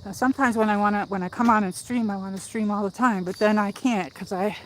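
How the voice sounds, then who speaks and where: A woman's voice: medium pitch, steady tone, fast, a little hiss or hum, poor audio. A woman hosting a casual livestream while walking up a hill in a park outdoors, chatty and rambling, out of breath, on a phone mic. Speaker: livestream host.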